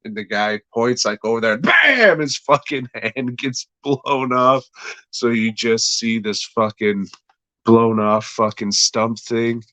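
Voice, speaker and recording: A man's voice: medium pitch, expressive, slow pace, sharp tone, dry recording. A man casually recapping a horror episode, swearing freely, chuckling and correcting himself as he goes. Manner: profane, offhand, self-correcting, chuckling. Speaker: horror show reviewer.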